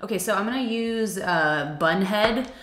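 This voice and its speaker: A woman's voice: mid-range voice, animated, unhurried, fairly bright tone. A young woman chatting casually through a makeup review, chatty and self-deprecating, with frequent fillers. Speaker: beauty vlogger. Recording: echoey room.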